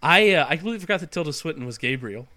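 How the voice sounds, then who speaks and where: A man's voice: on the high side, animated, rapid-fire, bright, forceful tone. A man co-hosting a podcast in casual chat, riffing with jokey, sarcastic asides. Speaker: podcast co-host.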